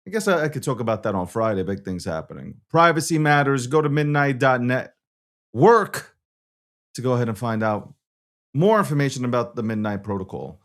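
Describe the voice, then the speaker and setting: A man's voice: mid-range voice, expressive, quick pace. A man with a Brooklyn New York accent hosting a live-streamed talk show in a brash, loose way, swearing freely, repeating phrases and stumbling over his restarts. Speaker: show host.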